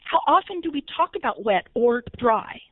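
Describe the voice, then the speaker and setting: The early intervention trainer talks at a normal speed in a slightly high voice with big swings in pitch, asking her webinar audience questions in a relaxed, conversational manner. There's no echo, and the line is tinny and phone-like.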